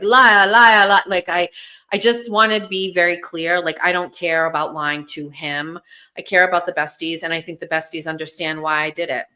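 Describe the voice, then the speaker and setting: Female host, casual stream chat; blunt and profane, rambles, somewhat low voice. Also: bright, forceful tone. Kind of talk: casual livestream talk to viewers.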